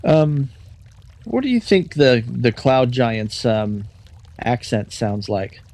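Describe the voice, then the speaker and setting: A man's voice: medium pitch, slow, a little mellow. A man playing a tabletop game, speaking eagerly and hesitantly. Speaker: player.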